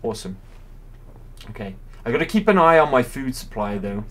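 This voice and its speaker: A man's voice: medium pitch, big pitch swings, fairly quick, fairly bright tone. A man commentating his game live, musing aloud in a rambling, curious way. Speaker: game streamer. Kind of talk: livestream gameplay commentary.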